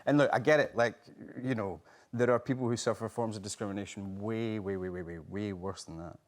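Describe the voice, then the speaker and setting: A Scottish man, a talk show guest, telling lively, salty stories and acting out quotes in a TV studio. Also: fairly low pitch, fairly quick. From Scotland. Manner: lively storyteller, acts out quotes, swears, laughs often. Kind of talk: casual chat show anecdote. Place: TV studio with live audience.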